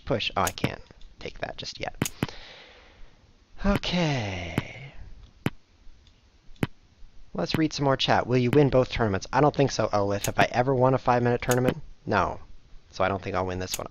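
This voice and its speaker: A man hosting his show, commentating live on his own online blitz chess games in a jokey, self-mocking way with sudden excited outbursts. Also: medium pitch, normal speed, long pauses, background noise. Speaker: chess streamer and show host.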